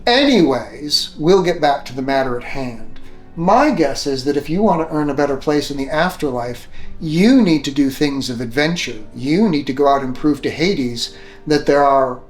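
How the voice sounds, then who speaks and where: An arrogant vampire noblewoman, as a man voices her at a tabletop game, drawls each word slowly with aristocratic disdain. Her tone sits a touch lower than the man's fairly high natural voice. Soft music runs faintly behind her. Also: lively intonation, close to an everyday voice. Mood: haughty. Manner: slow, haughty, condescending. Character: arrogant ancient vampire noblewoman ruling a castle.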